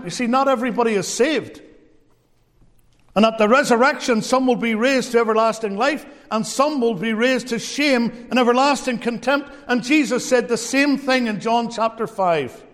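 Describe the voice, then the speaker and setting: A man's voice: very high voice, normal speed, big-room sound. A man preaching a sermon, telling stories with emphasis. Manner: storytelling, emphatic.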